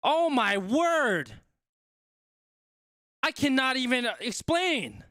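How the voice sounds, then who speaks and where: A high-voiced, excitable man hosts a live sports watch-along and calls the action as it happens. His delivery is unhurried but bright and sharp, and he keeps repeating his exclamations. The sound is dry and close. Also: no echo. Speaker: live stream host.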